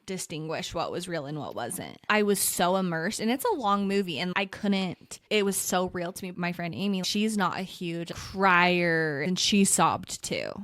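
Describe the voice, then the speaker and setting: A woman in her thirties co-hosting a podcast, telling a story with animated quotes and lively voices for other people. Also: lowish voice, normal speed, hardly any pauses, dry recording. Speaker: podcast co-host. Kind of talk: casual chat.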